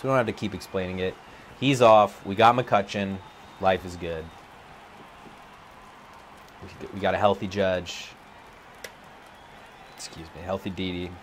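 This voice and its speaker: A man commentating live on his own video game play from an empty office, excitable, his voice jumping high when he gets worked up. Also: a little hiss or hum.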